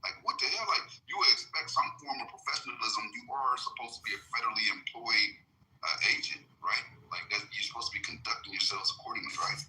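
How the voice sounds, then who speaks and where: A man's voice: on the low side, fast talker, bright, forceful tone. A man hosting a casual podcast chat, talking animatedly, swearing and acting out quotes in a raised voice. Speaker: podcast host. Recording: roomy echo.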